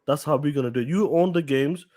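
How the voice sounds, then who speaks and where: A man's voice: on the high side, fast, a little mellow. Male co-host, hammers points through repetition. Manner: emphatic, repeats points for stress. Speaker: podcast co-host. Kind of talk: casual chat.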